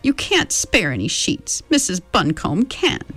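A woman voicing an eccentric, cheerful old woman tramp with a creaky voice like an unoiled gate, drawn out and fond. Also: mid-range voice, huge pitch swings, fairly bright tone, full character voice. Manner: fond, chattering, slow and drawn out.

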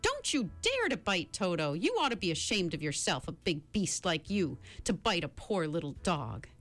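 A woman's voice: lowish voice, big pitch swings, unhurried, fairly bright tone, faint music behind, exaggerated voice. A woman reading a storybook, voicing a brave little girl who speaks earnestly and scolds when she is crossed. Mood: indignant.

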